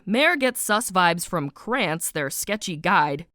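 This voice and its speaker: A woman's voice: fairly low pitch, animated, moderate pace, few pauses, a bit bright, dry recording, studio quality. A young woman narrating a playful, slangy, dramatic book recap. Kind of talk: casual animated book recap.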